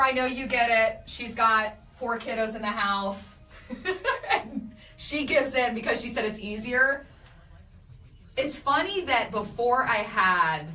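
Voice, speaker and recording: A woman's voice: a little high, recorded from a distance. Casual live stream host lady, chats and laughs, echoey room, faint music behind. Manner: chatty, animated storytelling with laughs. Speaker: radio host doing a live video. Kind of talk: casual live-stream chat reading comments.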